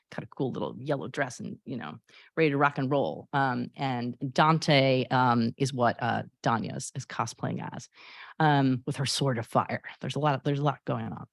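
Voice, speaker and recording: Low-voiced chatty woman playwright. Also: creaky, no room sound, clean studio sound. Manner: chatty, fond, many fillers and restarts. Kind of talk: introducing a reading of her play.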